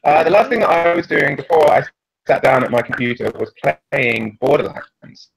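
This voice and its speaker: A man chatting casually on a live stream over a video call, animated and a bit apologetic. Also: a little high, normal speed, gravelly, slight background noise, poor audio. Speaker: show regular. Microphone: computer mic on a video call.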